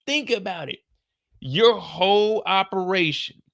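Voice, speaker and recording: A young man recapping a TV episode on a live stream, telling it in an animated, profane way and talking to his chat. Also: fairly high pitch, normal speed, vocal fry.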